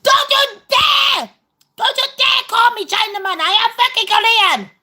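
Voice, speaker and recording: A woman's voice: very high voice, a little slow, pitched above the performer's own voice, heavily acted. Woman playing an outraged shrieking man. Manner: outraged, yelling. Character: indignant shouting grown man.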